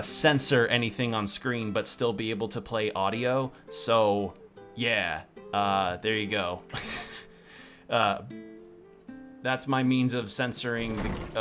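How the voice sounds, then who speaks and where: A man's voice: medium pitch, a bit bright. A young man streaming a game, rambling, joking and reading the game's text aloud with stumbles. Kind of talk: let's play commentary.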